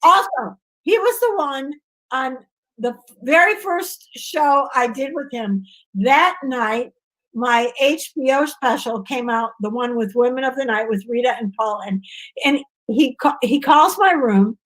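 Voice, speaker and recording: A woman's voice: sits high, a little slow, low-quality recording. A woman comedian, the guest, telling stories in casual interview chat and acting out other people's voices. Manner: animated storyteller who acts out voices.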